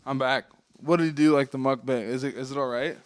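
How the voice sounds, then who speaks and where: Laid-back young man, clear dry voice. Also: mid-range voice, fairly even intonation, quick pace, no echo. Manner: laid-back, swearing, trailing off. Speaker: podcast co-host. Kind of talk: casual chat.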